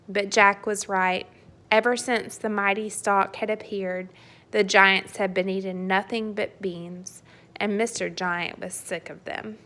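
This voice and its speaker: Slow, bright-voiced woman reading a storybook. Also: medium pitch. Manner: expressive, playful narration. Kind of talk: children's storybook read-aloud.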